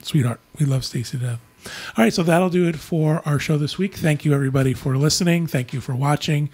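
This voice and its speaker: Husky-voiced male podcast host. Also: on the high side, a little fast. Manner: relaxed, wraps up show with thanks. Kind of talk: casual panel chat.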